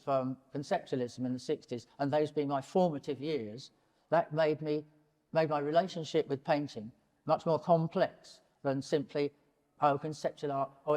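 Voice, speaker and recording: Holding forth in a public conversation at a gallery, a prize-winning painter in his seventies wanders animatedly from point to point, cutting himself off mid-sentence and restarting. His voice is a touch high for a man, and every phrase trails a long hall echo.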